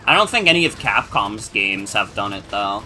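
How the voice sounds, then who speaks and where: A man's voice: fairly low pitch, sing-song, normal speed, sharp tone. A man chatting casually and upbeat while playing a co-op game with a friend, swearing offhand. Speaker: co-op gaming friend. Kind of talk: casual gameplay chat.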